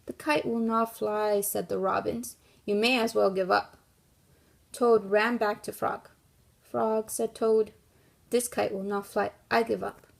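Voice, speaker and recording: A woman teacher reading a picture book aloud to children and thinking aloud through why questions in a gentle, guiding way. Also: mid-range voice, fairly even intonation, a little slow, gravelly. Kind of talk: classroom read-aloud and lesson.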